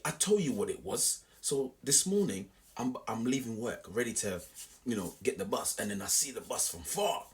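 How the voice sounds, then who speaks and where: Animated young man ranting. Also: mid-range voice, moderate pace. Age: young adult. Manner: animated, repetitive, conversational street slang. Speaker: vlogger. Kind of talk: storytime rant to camera.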